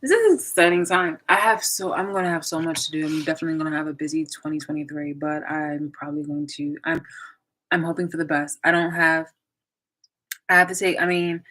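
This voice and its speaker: A woman's voice: sits low, fairly even intonation, fairly quick, a bit bright, poor audio. A young woman chatting casually on a live stream, rambling with many fillers and restarts. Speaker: vlogger waiting for live chat.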